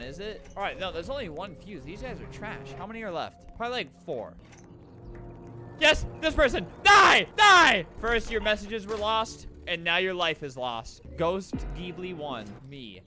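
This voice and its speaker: A man giving excitable gameplay commentary, yelling at other players and tossing out quick jokey asides. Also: sits high. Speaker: gaming video creator. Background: faint game music.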